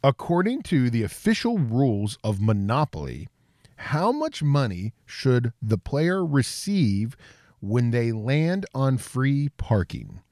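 Lively, playful man hosting a quiz. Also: medium pitch, slow, no echo, clean studio sound. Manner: playful, laughing, reads answer options. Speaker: quiz host. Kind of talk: game segment hosting.

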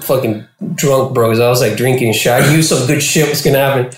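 Podcast guest, male, mid-pitched, casual and excitable storyteller with a lot of swearing, recorded in a reverberant room. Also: a little fast, slight background noise. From Florida. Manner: animated, swearing, acts out quoted voices. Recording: echoey room.

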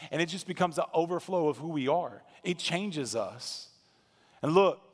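A male pastor preaches in a conversational, emphatic way, with a few dry asides. His voice sits fairly high for a man. A long church-hall reverb trails every phrase. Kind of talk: sermon.

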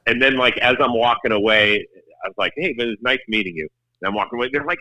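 Guy sports host chatting, low voice with a really sharp forceful edge, wry jokey storytelling. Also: quick pace, no room sound, poor audio. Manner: wry, self-deprecating storyteller. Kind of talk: casual podcast chat.

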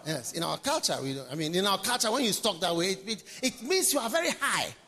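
At a pastors' conference in a large hall, a man preaches a sermon in a high, very animated voice, talking fast. He is emphatic and repetitive, swinging dramatically between quiet lines and shouted ones, and a long reverb tail follows his words.

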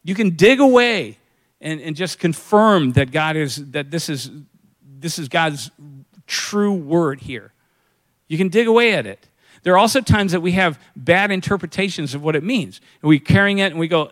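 A man's voice: fairly high pitch, lively intonation, moderate pace, fairly bright tone. A man preaching a sermon in a conversational way, asking his congregation questions and acting out what people say. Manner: conversational preaching, acts out quoted voices, asks the congregation questions. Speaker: pastor.

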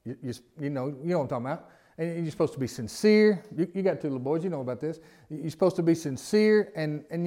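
A man's voice: on the high side, animated, fast, warm tone. A man with a Southern US accent preaching a sermon as pastor, in a folksy, conversational way with repeated phrases and asides.

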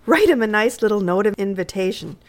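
A woman's voice: medium pitch, expressive, brisk, close to an everyday voice. A woman voicing a kindly, dry-humoured doctor father in a readers' theatre story reading.

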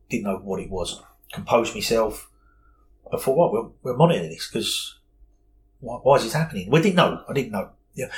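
A man speaks in a low, grounded voice. He talks plainly and earnestly, and he often doubles his words as he works through a thought. A faint background hiss sits under the voice. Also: rough recording. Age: 40s. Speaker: guest. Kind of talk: candid personal interview.

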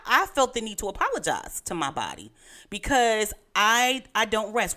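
Bright, lively Brooklyn woman. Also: fairly high pitch, normal speed. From Brooklyn, New York. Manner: animated, teasing, laughs often. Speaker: podcast co-host. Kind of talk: casual chat.

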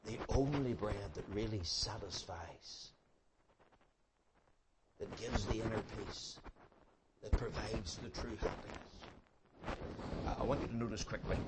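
A man preaching an evangelistic sermon, emphatic and repeating words as he builds, swinging between loud and soft passages. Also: lowish voice. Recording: loud background noise.

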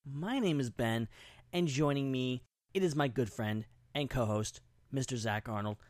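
A man hosting a podcast in a playful, casual chat manner, quick to laugh. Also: mid-range voice, no echo, studio quality. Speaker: podcast host.

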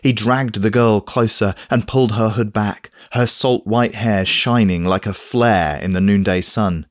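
A man with a very low voice narrates an audiobook in a steady, measured way. The sound is close and dry, with no room around it. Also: no echo. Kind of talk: scripted narration.

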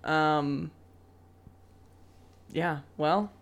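A woman with a low voice and an American accent talks in a relaxed, laid-back way on a podcast. She sounds easygoing and unhurried. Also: gravelly. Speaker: podcast co-host. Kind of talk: casual chat.

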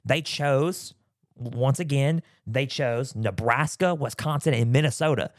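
A man talks college football in a loose, rambling way, circling back and filling gaps with "you know". His voice sits at an ordinary pitch and sounds close and dry, with a throat that keeps catching. He sometimes turns away from the mic. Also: a little slow, no echo. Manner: rambling, repeats himself with many fillers. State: clearing a scratchy throat. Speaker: podcast host. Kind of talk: casual sports talk. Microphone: close mic, sometimes turning away.

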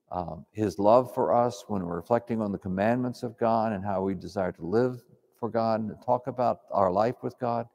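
A man preaching in a calm, reflective, conversational way, teaching on prayer. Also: mid-range voice, vocal fry. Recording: long hall reverb.

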